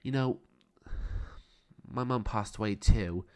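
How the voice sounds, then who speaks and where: A man's voice: fairly low pitch, slow. A man voicing a friendly, caring young man in a storybook reading, in an easygoing, everyday voice. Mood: gentle.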